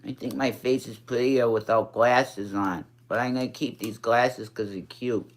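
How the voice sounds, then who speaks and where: Slow and unhurried, this forties-aged drag performer rambles through open, foul-mouthed livestream talk in a New York accent. The voice sits at medium pitch with fairly level intonation, shows a slight speech impediment, and sometimes turns childlike and baby-girlish.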